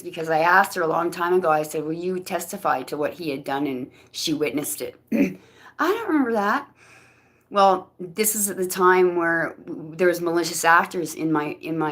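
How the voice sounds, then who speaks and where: Lowish-voiced woman rambling thru a personal story, lots of restarts, does voices for people she quotes. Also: a bit bright. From Canada. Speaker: vlogger giving personal testimony. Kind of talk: rambling personal testimony monologue.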